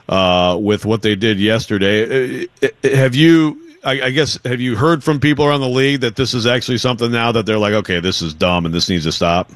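A man asking questions on a sports talk show, stopping and restarting as he goes. His voice is mid-pitched, and the sound is dry with no room echo.

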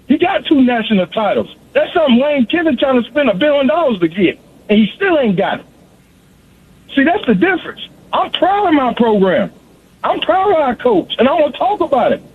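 Male caller, high voice, phone-line audio, rapid repetitive rant. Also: big pitch swings. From South Carolina. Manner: fast-talking, repetitive, addresses host by name constantly. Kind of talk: sports call-in rant.

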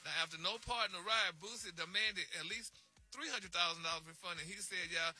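A man's voice: high-pitched, fairly quick, sharp tone, breathy edge, soft background music. A man reading celebrity gossip on morning radio, flamboyant, peppering every phrase with "y'all" and "honey.". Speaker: radio show co-host doing celebrity news.

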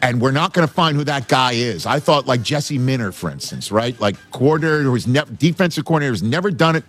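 A man hosting a casual sports talk show, animated and joking, laughing often. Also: mid-range voice, a little fast, soft background music.

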